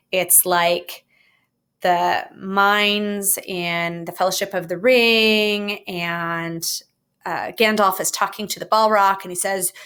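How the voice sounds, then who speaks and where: A woman's voice: mid-range voice, fairly bright tone. A woman teaching a recorded Spanish grammar lesson with jokey, playful asides.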